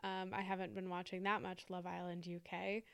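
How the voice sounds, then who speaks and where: A woman's voice: lowish voice, monotone, normal speed, vocal fry, smooth. A woman co-hosting a casual podcast, chatting with frequent "like" and "um" fillers. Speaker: podcast co-host. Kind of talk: casual conversational chat.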